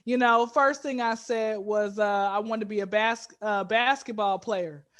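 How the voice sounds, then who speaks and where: A woman from with a high voice talks as a comedy guest. She tells casual stories in an animated, joking way, jumping into loud bursts of emphasis. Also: normal speed. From Georgia, USA.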